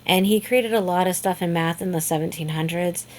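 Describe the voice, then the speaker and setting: A woman teaching a high school math lesson in a casual, chatty way, with frequent fillers and restarts. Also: a little fast. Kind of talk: classroom lecture video.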